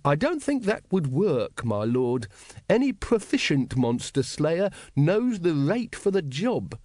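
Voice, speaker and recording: A man's voice: on the high side, very animated, slow pace, a little mellow, no echo, clean studio sound, voice pushed up, exaggerated voice. A man voicing a nervous, fawning male city secretary who answers with precise deference in an audiobook. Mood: deferential. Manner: deferential, precise, keeps saying my lord. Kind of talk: audiobook character voice.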